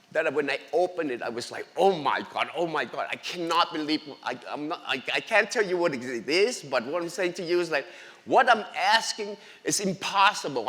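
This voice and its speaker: A man's voice: a little high, a bit bright. Earnest man testifying in a reverberant hall. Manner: earnest, emotional, non-native English grammar. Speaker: church guest speaker. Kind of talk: personal faith testimony. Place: church sanctuary. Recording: long reverb of a large hall.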